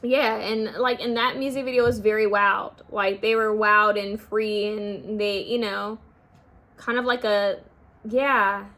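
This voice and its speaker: A woman's voice: mid-range voice, flat delivery, measured pace, fairly bright tone. A woman giving a casual pick-a-card tarot reading, rambling and full of fillers, often trailing off mid-thought. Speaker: tarot reader.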